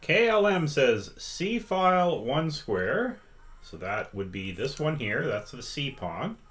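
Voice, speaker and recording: Slow, patient man teaching on stream. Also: a little high, big pitch swings, a bit bright. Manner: slow, patient, reads out chat votes. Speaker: chess teacher streaming live. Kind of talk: interactive live-stream lesson.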